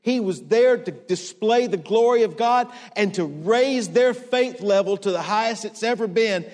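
High-pitched preacher man in a reverberant hall. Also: moderate pace. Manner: emphatic preaching, repeats "listen", shifts from hushed to raised. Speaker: pastor. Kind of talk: sermon.

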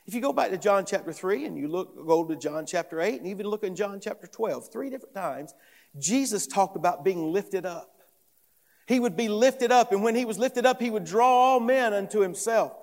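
In this expository sermon, recorded with the long reverb of a big hall, a male pastor preaches earnestly in a high-pitched, expressive voice with a darkish tone. He talks at normal speed. Emphatic throughout, he repeats phrases to build up each point.

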